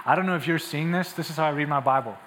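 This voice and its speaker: A man's voice: fairly high pitch, rapid-fire, fairly bright tone, a little hiss or hum. A man preaching a sermon, retelling scripture with acted-out dialogue. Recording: long hall reverb, faint ambience.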